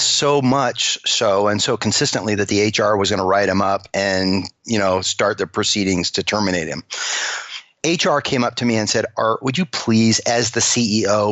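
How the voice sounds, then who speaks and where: A man's voice: lowish voice, no echo. A man, a company CEO, telling workplace stories as a guest and acting out the quoted dialogue. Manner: animated storyteller who acts out quoted dialogue. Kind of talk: storytelling interview talk. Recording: dull dry lo-fi audio.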